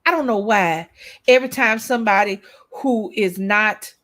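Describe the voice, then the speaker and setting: A woman's voice: medium pitch, normal speed, fairly bright tone. A woman co-hosting a casual chat show, blunt and outspoken, swearing freely and repeating her points for emphasis. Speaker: co-host of a couples' YouTube channel.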